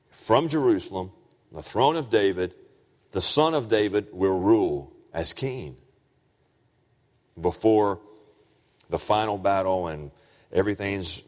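A man preaching a sermon, dropping low and quiet, then rising loud and high for emphasis. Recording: long reverb of a large hall.

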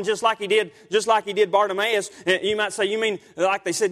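A man's voice: high voice, steady tone, a little fast, few pauses, fairly bright tone. A man preaching a sermon as pastor, repeating himself, stammering and asking rhetorical tag questions, with King James wording. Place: church sanctuary. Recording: long church hall reverb.

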